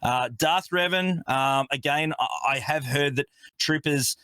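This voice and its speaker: Bright-voiced Australian man, casual host. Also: fairly high pitch, a little slow, clear, resonant tone, no room sound, studio quality. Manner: easygoing, self-deprecating, chatty. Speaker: podcast host. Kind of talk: casual gaming discussion.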